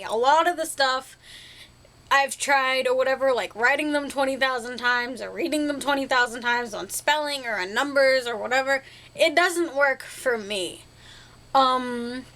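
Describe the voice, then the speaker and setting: A young woman rambles to her camera in a high voice, chatty and goofy, tossing in made-up words and laughing at herself. Her tone is bright and sharp, and she talks like she is catching up with friends. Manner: chatty, silly, self-deprecating, playful made-up words. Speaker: vlogger. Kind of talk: casual rambling to-camera vlog.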